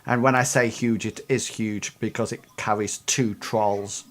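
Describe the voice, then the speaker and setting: A man's voice: lowish voice, fairly even intonation, measured pace. A man narrating as game master of a tabletop game, with a hesitant delivery full of restarts. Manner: hesitant, many fillers and restarts.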